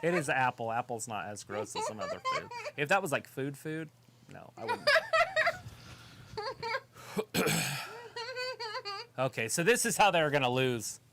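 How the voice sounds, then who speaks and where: A man's voice: mid-range voice, big pitch swings, moderate pace, heavy background noise. A man co-hosting a live wrestling watch-along, chatting casually, joking and calling the action. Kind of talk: casual live commentary chat.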